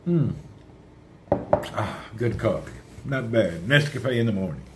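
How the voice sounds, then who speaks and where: A man chatting casually on a livestream, rambling and answering his viewers' comments out loud. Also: on the low side, expressive, unhurried, heavy background noise.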